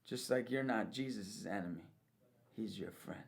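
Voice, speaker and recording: A man giving a devotional testimony, telling a story in an animated way and often laughing as he talks. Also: fairly low pitch, normal speed, vocal fry.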